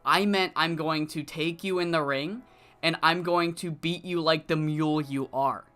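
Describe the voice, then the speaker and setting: A man voicing an angry female wrestler who speaks in a low, cold, threatening way. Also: steady tone, a little slow, pushed and bright, smooth.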